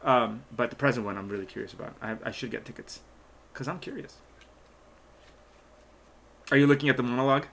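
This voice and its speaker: A man's voice: medium pitch, fairly quick, vocal fry, pauses often, fairly bright tone. Rambling male stream host. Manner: rambling, trails off, lots of fillers. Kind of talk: casual live-stream chat.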